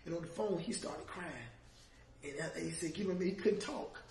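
A man's voice: on the high side, moderate pace, a little mellow. A middle-aged man, a former music manager, telling an emotional story in an interview. He acts out the voices of the people he quotes, and his voice swells as the feeling rises. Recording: echoey room, distant mic, faint noise.

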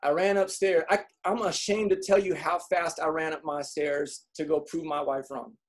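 A man giving a motivational talk to an audience, telling comic stories and acting out quotes in an animated way. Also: on the high side, normal speed. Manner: animated storyteller, acts out quotes. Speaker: speaker.

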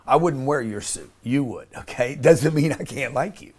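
A man's voice: mid-range voice, normal speed, husky. A man speaking as an interview guest, blunt and emphatic, often restarting and swearing casually.

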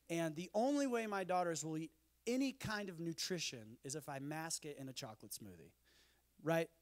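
Man, humorous conference speaker, self-deprecating, lively storyteller, slightly high voice. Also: measured pace, pauses often. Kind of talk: conference talk with humorous stories. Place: conference stage.

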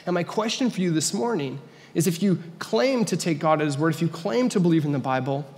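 A man's voice: on the high side, animated, fairly quick, darkish tone. A man preaching a casual, conversational sermon as a pastor, with joking asides. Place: church sanctuary. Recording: reverberant church hall.

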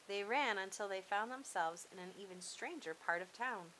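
A woman reads a children's story aloud with a lively, expressive delivery. Her voice is bright and clear in the middle range. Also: medium pitch, moderate pace, a little hiss or hum, poor audio.

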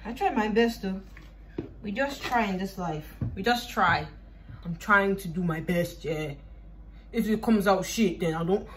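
A woman's voice: medium pitch, a little slow, a bit bright. A young woman from Ireland chatting casually in her home kitchen while baking, rambling, joking and swearing freely. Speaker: vlogger. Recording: noisy home recording.

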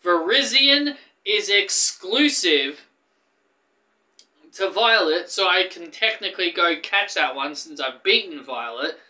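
Taking it slowly, an excitable man rambles through gaming news for his channel, frequently stumbling and beginning sentences again. He has a high, very bright, sharp voice and seems barely able to contain his enthusiasm.

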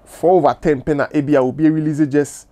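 A man's voice: on the high side, fairly even intonation, quick pace, warm tone. A young Ghanaian man, a musician guest, telling stories in a casual interview and stumbling over many restarts. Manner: mixes Twi, Pidgin and English, many restarts.

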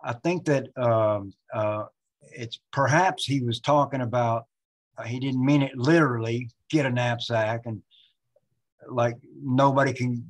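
A man's voice: mid-range voice, a little slow, poor audio. A man in an online class offering a hesitant, apologetic comment full of fillers. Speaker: student.

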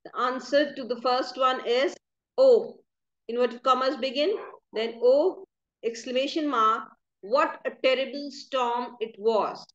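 Slow, high-voiced woman teacher dictating answers. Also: steady tone, a bit bright, dull audio. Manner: slow, careful dictation of punctuation. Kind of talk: recorded grammar lesson, reading answers aloud.

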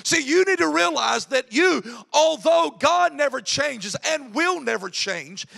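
A man preaching a sermon in a very high, bright and forceful voice. He drives his points home with sudden loud bursts, then drops into chatty, self-mocking stories from his own life. A heavy gravelly fry runs through his speech. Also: animated, measured pace. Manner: impassioned preaching that swings between loud emphasis and quiet asides. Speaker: pastor.

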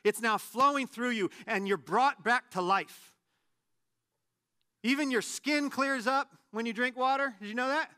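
Bright, high-voiced man preaching. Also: a little slow. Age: late 30s. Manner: animated, conversational, self-deprecating humor. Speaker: pastor. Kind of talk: sermon.

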